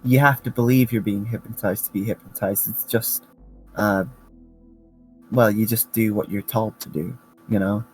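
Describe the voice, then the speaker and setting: Low-voiced easygoing man player. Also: fairly even intonation, moderate pace, faint music behind, poor audio. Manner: easygoing, thinking aloud. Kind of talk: casual tabletop play.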